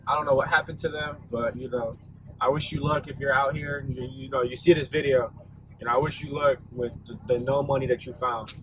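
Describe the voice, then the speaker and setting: A man's voice: mid-range voice, steady tone, brisk. Laid-back young man rambling a story. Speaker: vlogger. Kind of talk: casual storytime vlog. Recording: audible background noise.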